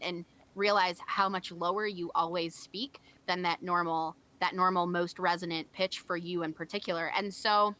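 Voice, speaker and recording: A woman's voice: lowish voice, sharp tone. A young woman co-hosting a game stream, explaining singing technique casually with many fillers. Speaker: co-host.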